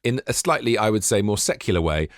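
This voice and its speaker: A man's voice: on the low side, lively intonation, quick pace, dry recording, clean studio sound. A young man co-hosting a podcast, chatting in a rambling, self-deprecating way. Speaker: podcast co-host. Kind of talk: casual chat.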